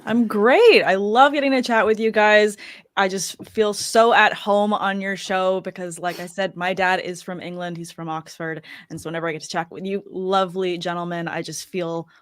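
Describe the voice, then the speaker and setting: A woman's voice: mid-range voice, steady tone, normal speed. A woman guest on a podcast, chatting casually with the hosts in a bubbly, easily laughing way. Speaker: podcast guest, fantasy analyst. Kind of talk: casual chat.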